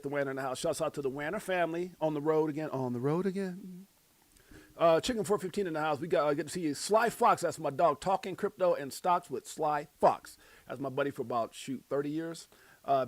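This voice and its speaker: A middle-aged man hosting a crypto livestream in casual chat, hyped and joking as he gives shout-outs. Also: on the high side, quick pace, dry recording.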